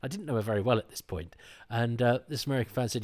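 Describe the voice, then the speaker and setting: Animated middle-aged man, indignant host. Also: mid-range voice, racing. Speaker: podcast host. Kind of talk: casual monologue.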